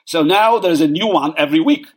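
A man's voice: on the high side, brisk, breathy edge. A man co-hosting a podcast, making dry, joking comments in casual chat. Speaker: podcast co-host.

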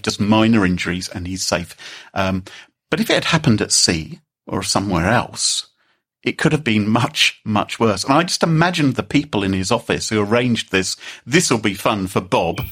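In a casual podcast chat, a male co-host tells a story in a chatty manner and laughs often. His pitch swings up and down a lot, and his voice is slightly husky and a little bright.

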